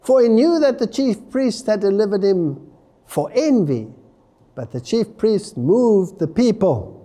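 Slow, lively-pitched man lecturing on scripture. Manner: emphatic, expository, reads scripture aloud. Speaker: religious lecturer. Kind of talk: Bible prophecy lecture.

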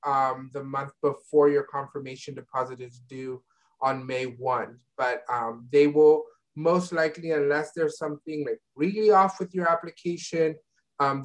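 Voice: mid-range voice, fairly even intonation, moderate pace, poor audio. A university advisor explaining admissions steps on a video call, with frequent ums and restarts. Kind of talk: online info session Q&A.

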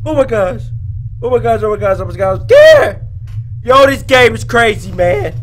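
Panicky high-voiced man reacting. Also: moderate pace, a little hiss or hum. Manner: panicky, pleading, frequent shouting. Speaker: gaming YouTuber. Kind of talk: horror game reaction. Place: indoors playing VR.

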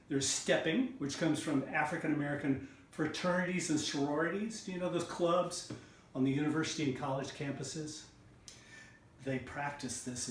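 A man's voice: on the high side, slight background noise. A middle-aged man teaching body percussion in an online lesson, coaxing listeners to join in and chanting rhythm syllables. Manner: encouraging, coaxing call-and-response. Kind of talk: online music lesson for children. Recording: roomy sound, mic at a distance.

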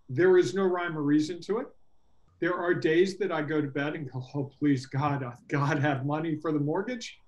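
A middle-aged man coaching entrepreneurs in a casual workshop talk, earnest and animated, acting out quoted dialogue. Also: sits high. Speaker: workshop presenter and business coach.

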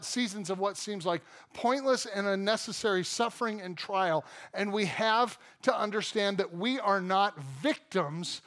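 A Midwestern American man in his thirties gives a casual, humorous sermon from a church stage. His voice sits high for a man, and he drifts from chatty asides into loud bursts. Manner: conversational, jokey preaching with sudden loud outbursts. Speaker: pastor. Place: church auditorium.

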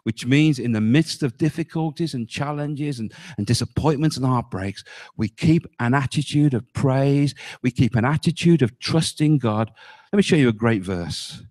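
Speaking at normal speed with a slightly mellow quality, a male pastor preaches with emphasis. He drops low on key words and often asks rhetorical questions of the congregation.

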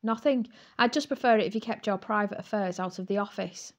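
A woman's voice: mid-range voice, fairly quick, close to an everyday voice. A woman voicing a controlling male boss who speaks curtly and formally, in a storybook reading. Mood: stern.

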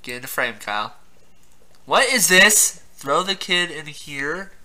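A man's voice: on the high side, animated, a little slow, pushed and bright. A young man giving casual let's-play commentary, laughing often, swearing and yelping at surprises in the game. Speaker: gameplay commentator.

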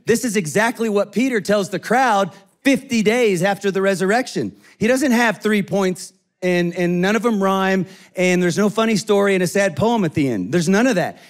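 A male pastor preaching a sermon in an energetic, conversational way. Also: high-pitched. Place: church auditorium.

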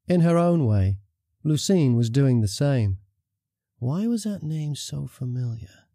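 Scripted fantasy narration comes from a man reading an audiobook in an even, measured way. His pitch is medium, and the studio-quality recording has no echo.

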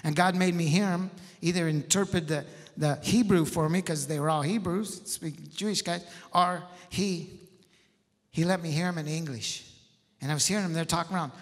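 A man preaching a storytelling sermon in a folksy, animated way, laughing often. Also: high-pitched, normal speed. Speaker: pastor. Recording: echoey church hall.

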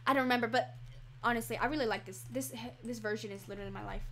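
A high-voiced woman talks through her game on a desk microphone. She is chatty and easily excited, with her sentences running on through fillers and restarts. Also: racing, slight background noise. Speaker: gaming channel host. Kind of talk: casual game commentary. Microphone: computer microphone.

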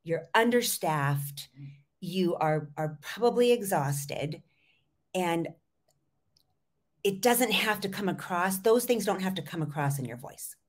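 Lady voice coach doing a solo podcast, kinda low voice, animated, keeps saying right?. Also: takes it slowly. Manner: animated, emphatic, many asides and "right?".

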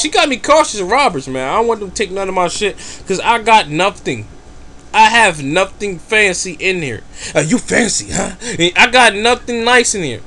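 High, very bright-voiced joking gamer guy. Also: a little hiss or hum. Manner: crude, joking, slang-heavy rambling. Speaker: let's play commentator. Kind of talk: casual gameplay commentary.

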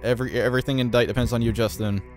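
A man hosting a let's play, reading the game's dialogue aloud and reacting emotionally, his voice jumping high when startled. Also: very fast, soft background music. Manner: emotional, excitable, voice jumps high when alarmed. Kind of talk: reading game text aloud with casual commentary.

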